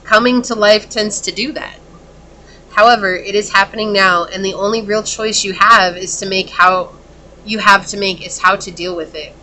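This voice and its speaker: A woman's voice: medium pitch, steady tone, normal speed, bright, forceful tone, slight background noise. A woman giving a casual pick-a-card tarot reading, talking earnestly and in a rambling way, with lots of "like" and "okay?". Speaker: tarot reader.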